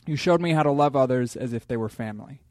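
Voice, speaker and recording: A man's voice: medium pitch, quick pace, darkish tone, no room sound, clean studio sound. A man who is a comedian, earnestly reading a heartfelt letter aloud.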